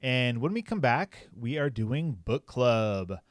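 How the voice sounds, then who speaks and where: A man's voice: mid-range voice, lively intonation, slow pace, dry recording, clean studio sound. Chatty man reading a science article. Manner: joking, filler-heavy reading with asides. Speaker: podcast co-host. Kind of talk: casual chat, reading a news article aloud.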